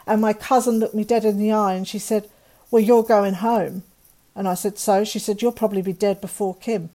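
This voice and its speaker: A woman's voice: medium pitch, fairly even intonation, fast, warm tone. Woman, middle-aged, mid-range voice, candid emotional storyteller who quotes others. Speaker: guest. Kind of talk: personal storytelling in conversation.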